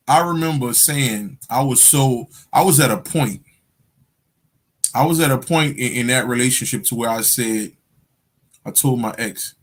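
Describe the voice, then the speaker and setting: A man who works as a spiritual guide gives a casual livestream talk to his viewers. He tells stories in an animated, profane way and laughs often, and his medium-pitched voice sounds slightly rough.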